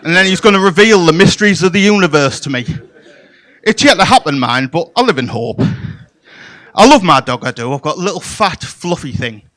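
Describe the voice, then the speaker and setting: On a comedy club stage, a man does bawdy, playful stand-up, tossing deadpan asides at the crowd. His high voice swings widely in pitch, and he talks a little fast.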